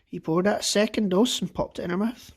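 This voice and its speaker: Expressive man reading a children's story. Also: high-pitched, fairly quick, slightly rough. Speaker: teacher. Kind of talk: reading a children's book aloud.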